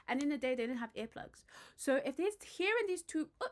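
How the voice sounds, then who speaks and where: Gushing, excitable British woman. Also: high voice, fairly quick. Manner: excitable, gushing, gets loud and squeals. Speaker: vlogger. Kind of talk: casual chat about a TV show.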